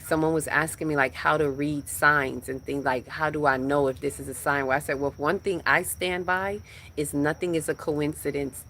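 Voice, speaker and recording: A woman's voice: deep voice, a bit bright, a little hiss or hum. A woman hosting a spiritual livestream, teaching in a rhythmic, repetitive preaching cadence.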